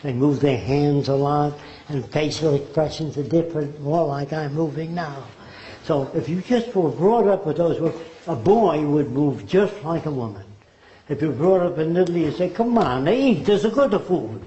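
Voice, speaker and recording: A man's voice: on the high side, moderate pace, warm tone, slight background noise. Older man lecturing with rhetorical questions. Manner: emphatic, rhetorical questions, mimics accents. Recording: dull, roomy recording.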